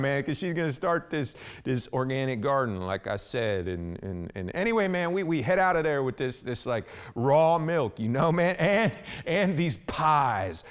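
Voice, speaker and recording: In a slightly high voice, a man performs a one-man theatrical monologue as a rambling blue-collar husband talking to a police officer. He says "man" constantly and keeps restarting his sentences.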